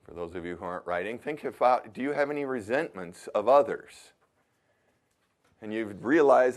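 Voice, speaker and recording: Leading a motivational workshop, a man with a lowish voice speaks at a moderate pace in an animated way. He asks the audience direct questions and coaches them plainly and conversationally, hesitating now and then.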